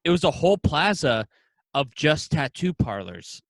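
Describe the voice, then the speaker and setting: A man chatting on a comedy podcast, rambling through his stories with false starts and frequent laughs. His voice is slightly higher than average and sounds dry and close. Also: big pitch swings, moderate pace, creaky, no echo. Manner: rambling, restarts, laughs often. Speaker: podcast host. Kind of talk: casual comedy chat.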